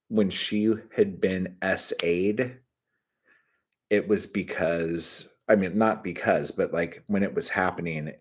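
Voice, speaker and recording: A middle-aged man hosting his own livestream, chatting casually, rambling and swearing with sudden bursts of excitement. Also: low-pitched, breathy edge. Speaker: channel host.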